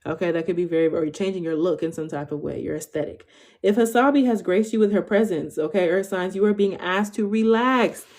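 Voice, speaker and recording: A woman's voice: on the low side, fast talker, mellow. A woman in her twenties giving a casual live tarot reading, chatty and slangy, tagging nearly every phrase with "okay?". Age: 20s. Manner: slangy, informal delivery. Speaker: tarot reader.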